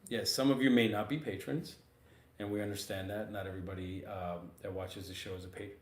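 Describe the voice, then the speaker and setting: A man hosting a casual art podcast in an art supply store, slightly hoarse from getting over losing his voice, talking in an easygoing, rambling way. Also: on the low side, steady tone, fairly quick. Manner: easygoing, rambling, many fillers. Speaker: podcast host. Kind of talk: casual chat. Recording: roomy store with faint ambient noise.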